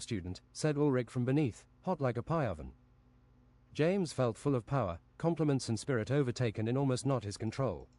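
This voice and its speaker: Guy streaming, reads his goofy fantasy story deadpan, average voice. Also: medium pitch, no room sound. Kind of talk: reading an absurd fantasy story aloud.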